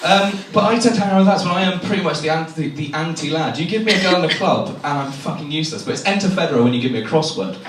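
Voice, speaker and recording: A young Englishman does stand-up at a comedy venue, telling self-deprecating stories and acting out the people in them in animated voices. He talks very fast with few pauses in a slightly high voice. The recording is noisy and echoey, taken from a distance, with the audience laughing.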